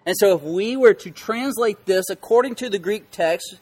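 A man's voice: sits high, normal speed, darkish tone. A man preaching as a pastor, teaching scripture emphatically, repeating key words and quizzing his listeners. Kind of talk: interactive Bible teaching.

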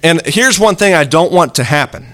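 A man's voice: on the high side, expressive, normal speed, a bit bright, dry recording. Guy preaching, earnest and chatty, voice bouncing all over, dry close sound. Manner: earnest, conversational preaching with acted-out quotes. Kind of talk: sermon.

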